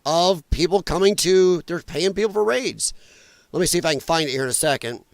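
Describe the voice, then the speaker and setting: High-voiced man ranting angrily. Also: animated, a little fast, creaky, no room sound. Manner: angry, profane, emphatic ranting. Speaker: political livestream host. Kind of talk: casual ranting livestream commentary.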